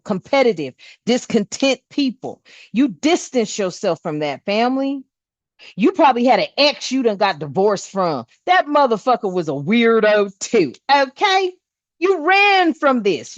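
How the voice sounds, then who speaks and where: A woman doing a spiritual reading in a casual vlog, talking bluntly with lots of swearing and lively storytelling. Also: a little high, no echo. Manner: blunt, profane, animated storytelling. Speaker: spiritual reader. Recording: dull, dry sound.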